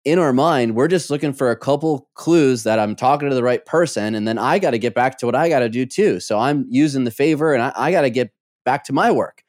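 A man's voice: medium pitch, brisk, darkish tone, dry recording, clean studio sound. A man hosting a podcast interview, asking questions fluently and steadily. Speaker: podcast host.

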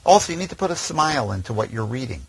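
A man coaching voiceover technique in a measured, friendly instructional talk. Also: mid-range voice, very animated, breathy edge, dry recording, low-quality recording. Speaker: voiceover trainer.

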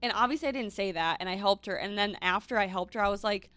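Young woman cohost, bright voice, dry close sound, chatty storytelling. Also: medium pitch, fast, clear, resonant tone, no room sound. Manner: chatty, animated storytelling with laughs. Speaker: podcast co-host. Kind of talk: casual chat.

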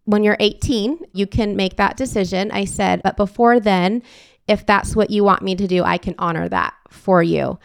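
A woman's voice: mid-range voice, fairly even intonation, normal speed, vocal fry, smooth, no room sound. A woman in her forties hosting a podcast, telling heartfelt stories in an earnest, emotional way. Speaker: podcast host. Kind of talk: casual podcast conversation.

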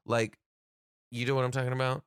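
A man and comedian telling a story casually to camera, animated, laughing often and swearing freely. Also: medium pitch, a little fast, clear, resonant tone, no room sound, studio quality.

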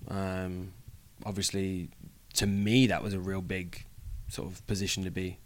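A young British man talking casually as an interview guest, joking and pausing often with "um". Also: low voice, flat delivery. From United Kingdom. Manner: chatty, jokey, many "um" pauses.

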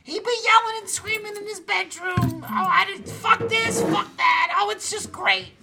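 A man putting on his carefree mother's voice, a shrill squealing older woman. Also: moderate pace, creaky, over loud music. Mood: gushing.

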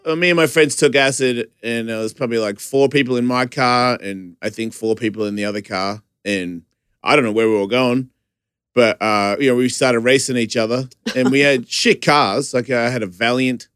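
A man spins a rowdy story in loose, profane chat, laughing through it. His voice sits at an ordinary middle pitch. The sound is close and dry. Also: normal speed, a bit bright, clear, resonant tone, no room sound. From Australia.

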